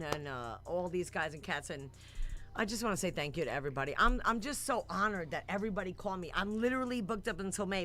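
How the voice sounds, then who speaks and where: A woman hosts a casual radio talk show. She tells stories in a lively, slangy way and laughs often. Faint music plays under her voice. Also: medium pitch. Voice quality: animated, laughing, slangy storyteller.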